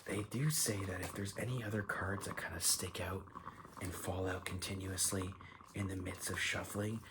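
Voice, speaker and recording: A man giving a soft, hushed ASMR tarot reading in a whisper, gently reading card texts aloud. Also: low-pitched, moderate pace. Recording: steady audible background hiss.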